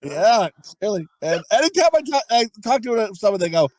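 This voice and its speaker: A man hosting a casual podcast, rambling excitedly and swearing freely. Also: high voice, quick pace, no echo. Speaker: podcast host.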